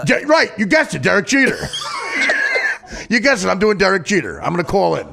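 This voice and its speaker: A man's voice: sits high, big pitch swings, fairly quick, creaky, long pauses, raised voice, crowd noise. A middle-aged male podcast host mocking callers in casual comedy chat, mimicking them between laughs.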